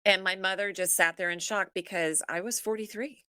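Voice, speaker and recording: A woman's voice: medium pitch, fairly even intonation, normal speed, bright, forceful tone, clear, resonant tone, dry recording. A middle-aged woman who is a podcast guest, chatting casually and acting out family dialogue as she tells a story.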